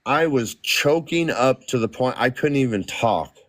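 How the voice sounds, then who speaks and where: A man's voice: medium pitch, expressive. A man in his forties speaking candidly in a casual podcast chat, often breaking off and restarting his words. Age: 40s. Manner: candid, halting, restarts mid-word when emotional. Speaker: podcast guest.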